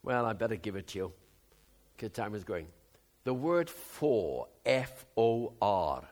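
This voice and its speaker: A man in his seventies preaching a sermon, moving from low musing to loud, emphatic outbursts. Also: sing-song, measured pace. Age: 70s.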